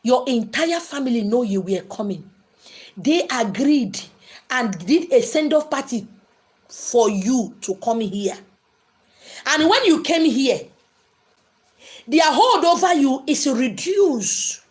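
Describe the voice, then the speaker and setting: A woman's voice: high-pitched, expressive, slow, pauses often, a little mellow. Emphatic woman preaching live online. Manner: emphatic, preachy, repeats lines for stress. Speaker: spiritual livestream host. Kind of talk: live-streamed spiritual talk answering viewer questions. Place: indoors, live streaming.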